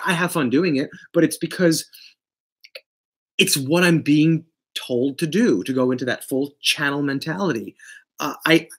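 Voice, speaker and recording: A man giving a casual tarot reading, talking emphatically and playfully, swinging between loud bursts and quiet asides. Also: fairly high pitch, expressive, moderate pace, slightly rough. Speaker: tarot reader.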